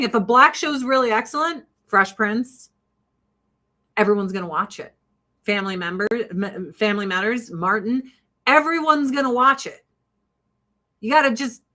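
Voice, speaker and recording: A middle-aged woman hosting a casual talk show, rambling and swearing as she tells stories. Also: sits high. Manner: rambling, profane, animated storytelling. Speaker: podcast host. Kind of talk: casual chat.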